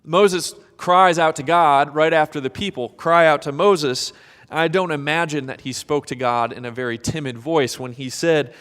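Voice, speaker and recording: A male pastor preaching a sermon, dramatic and expressive, sometimes acting out the voices of people in the story. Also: a little high, normal speed, clear, resonant tone, in a large hall.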